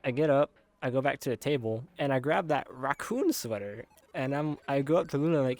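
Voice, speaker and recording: A man's voice: medium pitch, animated, measured pace, long pauses, darkish tone, soft background music. A young man casually retelling a dream, rambling with many filler words and frequent laughs. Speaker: content creator.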